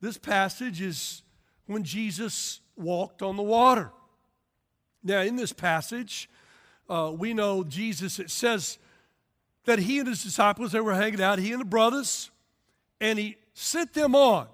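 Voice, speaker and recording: A middle-aged man preaching in a church, his voice strikingly high for a man. He tells animated stories, acts out the characters and breaks into sudden shouts. Long reverb trails behind every phrase in the big sanctuary. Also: unhurried, pauses often. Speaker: pastor. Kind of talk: lively sermon.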